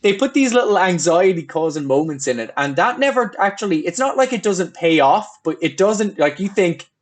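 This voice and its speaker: A man hosting a casual film review podcast, talking in an animated way. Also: high voice, moderate pace. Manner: animated, acts out scenes. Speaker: podcast host.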